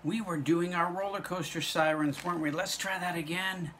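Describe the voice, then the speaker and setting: A man teaching an online music lesson, encouraging students and walking them through note names and vocal warm-ups. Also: high-pitched, steady tone, normal speed, slight background noise.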